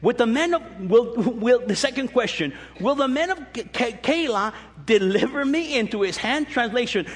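A man preaching a sermon as pastor, animated, acting out quoted voices with joking asides. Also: extremely high pitch, moderate pace, husky. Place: church sanctuary. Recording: long echo of a large hall.

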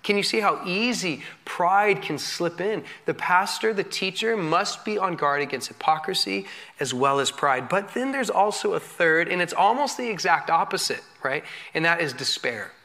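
A male pastor giving a candid, self-deprecating sermon, telling stories with an animated manner and occasional laughs. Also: high-pitched, normal speed. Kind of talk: sermon teaching.

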